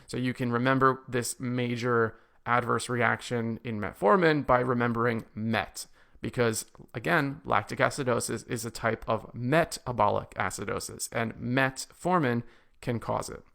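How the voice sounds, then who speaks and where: A man lecturing on medications with a gravelly, fry-edged voice at an ordinary middle pitch. He explains step by step and circles back to stress the main points, like a tutor walking students through slides. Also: unhurried, fairly bright tone. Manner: explanatory, repeats key points for emphasis. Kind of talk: recorded pharmacology lecture.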